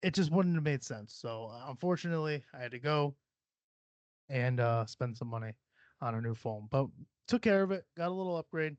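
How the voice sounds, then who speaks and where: A man's voice: mid-range voice, lively intonation, a little fast, dry recording, highs cut off. A young adult man hosting a casual solo podcast from a cluttered home room, blunt, profane and rambling as he jokes. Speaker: podcast host.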